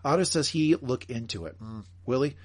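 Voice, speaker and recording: A man co-hosting a podcast and recapping an episode in casual chat, animated, joking and emphatic. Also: mid-range voice, normal speed. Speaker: podcast co-host.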